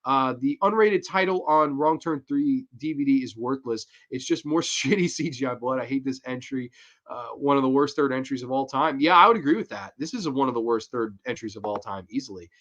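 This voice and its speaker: A man's voice: medium pitch, a little fast, a bit bright, lo-fi sound. A man hosting a casual show, bluntly and profanely ranting through a horror movie review.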